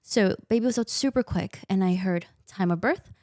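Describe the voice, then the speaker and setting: A woman's voice: mid-range voice, normal speed, a little mellow, no echo, studio quality. A young adult woman, a maternity nurse guest on a podcast, candidly retelling her birth experience with emphatic quoted dialogue. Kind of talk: candid conversational storytelling.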